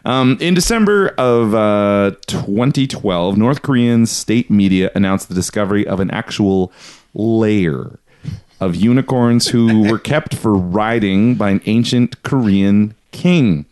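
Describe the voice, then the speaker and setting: A man's voice: fairly low pitch, unhurried, darkish tone, clear, resonant tone. A young man from Canada hosting a casual conspiracy podcast, rambling through his notes with restarts and frequent laughs. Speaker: podcast host.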